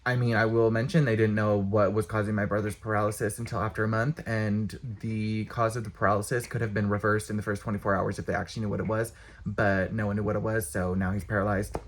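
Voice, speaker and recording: A man's voice: lowish voice, level tone, slight background noise. A young man ranting casually to camera, exasperated, blunt and profane. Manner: exasperated, blunt, profane, talks with quick bursts. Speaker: vlogger.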